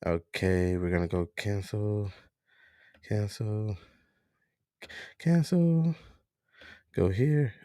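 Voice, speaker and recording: A man's voice: lowish voice, takes it slowly, pauses often, warm tone, no echo, studio quality. Stuffy-nosed man chatting on a livestream. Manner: chatty, talks straight to viewers, restarts and fillers. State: stuffy nose. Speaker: livestream host. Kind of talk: casual livestream chat.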